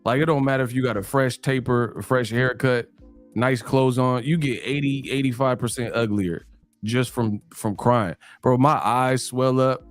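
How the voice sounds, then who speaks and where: A man's voice: mid-range voice, steady tone, moderate pace, soft background music. A man hosting a casual live stream, joking and laughing through slangy banter with his viewers. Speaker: livestream host.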